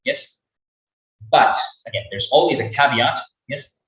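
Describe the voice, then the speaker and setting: A man's voice: medium pitch, animated, unhurried, fairly bright tone. A man giving a webinar talk, rambling with many fillers and repeated words. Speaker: webinar speaker on English accents. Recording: echoey room, distant from the mic.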